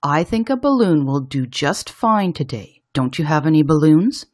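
A woman's voice: sits low, very animated, moderate pace, darkish tone, no echo, clean studio sound. A woman reading a picture book, voicing an exasperated mother who is fed up and worried.

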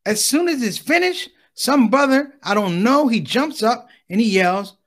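A man performing a stand-up comedy set, telling stories with lively delivery and acting out the people in them. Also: extremely high pitch, unhurried. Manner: animated storytelling, acts out other voices. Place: on stage at a conference.

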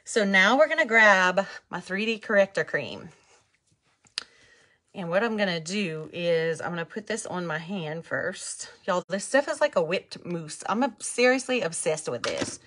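During a live makeup tutorial, a Louisiana vlogger with a thick Cajun accent chats with her audience and reads their comments out. Her voice sits on the low side, unhurried and sharp in tone, with lively intonation.

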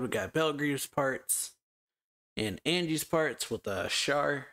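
A man's voice: a little high, expressive, slow pace, a bit bright. A man hosting an anime reaction channel, reacting with short murmurs and chuckles and then recapping the episode loosely.

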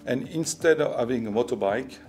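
An older man with a French accent, a business executive telling his story to camera in halting speech full of restarts. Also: medium pitch, darkish tone. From France. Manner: halting, with many restarts and fillers. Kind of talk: personal talk to camera.

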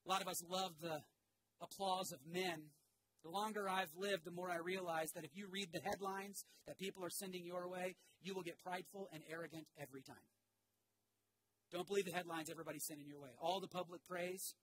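A man's voice: high voice, brisk, husky, rough recording. A man preaching a sermon to his congregation, telling a story with energy and getting the crowd to repeat phrases back to him. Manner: animated storytelling with shouted asides. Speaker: pastor. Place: church sanctuary.

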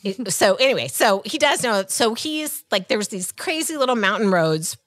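A woman's voice: medium pitch, big pitch swings, normal speed, fairly bright tone, dry recording, clean studio sound. Chatty woman telling a rambling story. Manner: rambling, restarts often, laughs through her story. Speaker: podcast co-host. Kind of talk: casual chat, storytelling.

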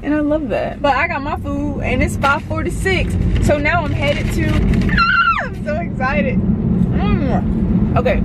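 Chatty young woman vlogging, noisy background. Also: high-pitched. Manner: chatty and animated, talking to the camera. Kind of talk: casual vlog chat. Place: at home, then in a car. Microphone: handheld camera.

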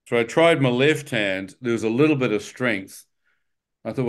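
A man telling his own story with lively, self-mocking humour, breaking into chuckles as he goes. His voice sits at an ordinary middle pitch. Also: moderate pace. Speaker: testimony speaker. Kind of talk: personal testimony storytelling.

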